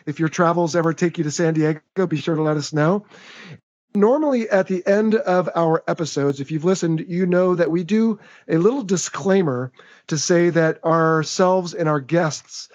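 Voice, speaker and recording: A man with an American accent hosting a podcast in a relaxed, chatty, upbeat way. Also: a little high, normal speed, highs cut off. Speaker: podcast host. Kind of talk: casual podcast chat.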